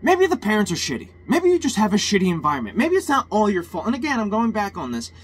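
Man, high voice, swings up and down a lot, heated rambling rant, faint noise behind. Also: wildly swooping pitch, fast. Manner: heated, rambling, profane, many restarts. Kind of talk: ranting personal monologue.

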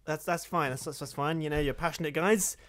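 A man co-hosting a film podcast, asking questions in a halting, polite, deadpan way. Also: a little high. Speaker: podcast co-host. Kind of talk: deadpan mock interview.

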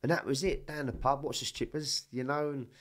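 A man telling rough, animated stories in a casual podcast chat, swearing constantly. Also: medium pitch, a little fast. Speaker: podcast guest.

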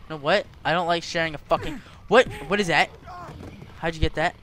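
Bright, lively young man swearing at game characters. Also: on the high side, fairly quick, slight background noise. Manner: profane, trash-talking, yelling at game characters. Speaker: gameplay commentator. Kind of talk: let's play commentary.

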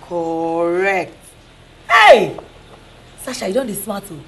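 A woman's voice: a little high, normal speed, a little hiss or hum, close to an everyday voice. An actress playing a scheming young Nigerian woman who chats brashly in Pidgin. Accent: Nigerian, Pidgin-speaking. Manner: brash, lively Pidgin banter.

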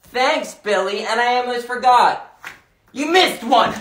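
A performer voicing a scheming, tough grandmother in a comedy skit, with a sly, bossy, drawn-out way of talking. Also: mid-range voice, expressive, background noise.

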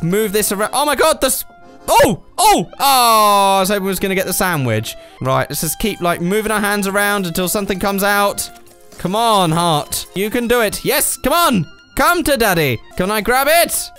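A man with a high-sitting voice gives let's play commentary while gaming, sounding exasperated, swearing, yelping and cheering loudly.

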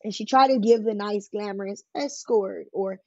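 Woman interview guest, husky and candid, emphatic storyteller, dull dry lo-fi recording. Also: mid-range voice, moderate pace, no echo. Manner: emphatic, plain-spoken, acts out quoted voices. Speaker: guest telling her life story.

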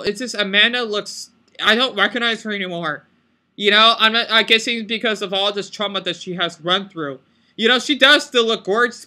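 A man's voice: sits high, pushed and bright. A man talking off the cuff in a vlog, rambling and apologetic, tagging "okay?" and "right?" onto his sentences. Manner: emotional, apologetic, swears when upset. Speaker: vlogger reacting to news. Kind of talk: unscripted rambling commentary.

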